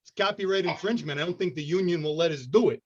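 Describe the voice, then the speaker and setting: A man's voice: on the high side, fast, breathy edge. A man improvising a delivery worker who frets about union rules, over a muffled video call. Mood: indignant.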